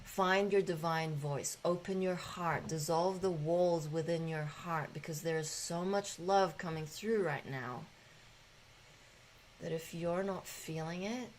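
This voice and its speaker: Woman hosting a spiritual gathering, loose and rambling, somewhat low voice. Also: measured pace, slight background noise, poor audio. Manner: loose, rambling, with fillers and swearing. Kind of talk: casual spiritual talk.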